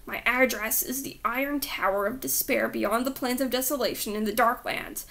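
Woman doing a raspy boyish dark lord, indignant, shouting titles, high, slow, gravelly. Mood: outraged. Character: evil Dark Lord trapped as an outraged boy.

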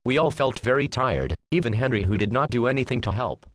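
A man narrating a comedic parody storybook in the first person, in a deadpan way full of crude jokes. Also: medium pitch, fairly quick, no echo.

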